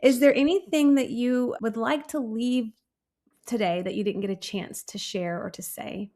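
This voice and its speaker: A woman's voice: fairly high pitch, normal speed, warm tone. Encouraging woman hosting a faith podcast. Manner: affirming, encouraging. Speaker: podcast host.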